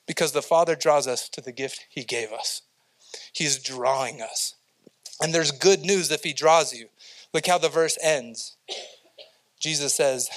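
A man's voice: fairly high pitch, moderate pace, fairly bright tone. A young adult male pastor preaching a sermon, telling stories and building to emphatic points. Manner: storytelling preacher, rising to emphatic peaks.

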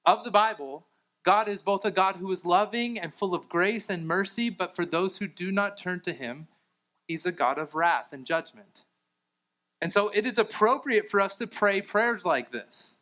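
A male pastor preaching a sermon and reading scripture aloud, with fillers and restarts, rising to emphatic lines and dropping to quiet ones. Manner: swings between raised emphatic lines and low, quiet ones.

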